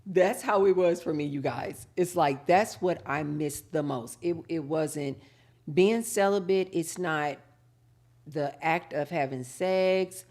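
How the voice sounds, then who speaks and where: Speaking in a low-pitched voice, this middle-aged host runs a relaxed live chat. She reads out viewers' comments and stretches her words as she tells lively stories.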